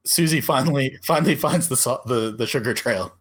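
A woman co-hosting a podcast, making wry, deadpan jokes as she recaps a film. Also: very deep voice, fairly quick, breathy edge. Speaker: podcast co-host. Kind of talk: casual movie recap chat.

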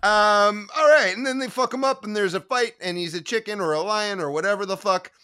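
A man co-hosting a podcast, recapping a TV episode in an animated, jokey way and swearing freely. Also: high voice, fairly quick, clear, resonant tone. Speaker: podcast co-host. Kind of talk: casual episode recap chat.

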